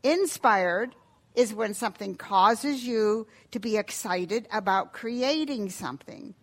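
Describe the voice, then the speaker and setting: A woman's voice: medium pitch, slow. A woman voicing an eager little girl in a children's story who is proud of herself and mixes up words. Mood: explaining.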